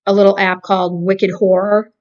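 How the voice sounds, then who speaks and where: A woman's voice: mid-range voice, little pitch movement, normal speed, darkish tone, highs cut off. A woman with a Boston accent, co-hosting a casual movie review chat and telling rambling, wry stories. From Massachusetts. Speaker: podcast co-host.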